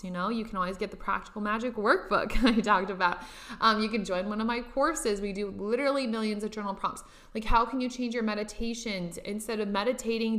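A woman's voice: fairly high pitch, bright, forceful tone. A young adult woman, a spiritual coach, talking casually and motivationally to her listeners, with lots of filler words and casual swearing.

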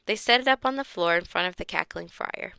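A woman reads a children's chapter book aloud, giving each character a voice. Her tone is bright with a gravelly edge. The sound is dry and close. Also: on the low side, brisk, dry recording. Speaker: reader.

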